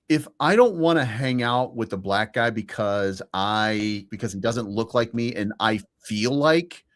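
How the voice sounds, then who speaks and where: A man co-hosting a podcast, giving his opinions in casual chat, speeding up in bursts and swearing now and then. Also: fairly low pitch. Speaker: podcast co-host.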